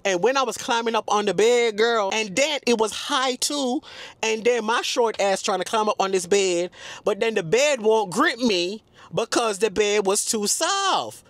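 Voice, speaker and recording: A man's voice: high voice, measured pace, fairly bright tone, no echo. A man telling a storytime vlog in a sassy, dramatic way, constantly calling his listeners "girl". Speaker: storytime vlogger. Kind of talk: casual storytelling.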